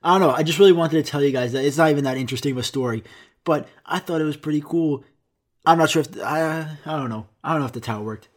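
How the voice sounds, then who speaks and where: A man's voice: fairly high pitch, fast talker. A young man with an American accent and a Greek-speaking childhood, telling rambling, profane stories to his viewers in a casual vlog. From United States. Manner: rambling, profane, self-mocking. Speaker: vlogger. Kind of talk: casual storytelling monologue.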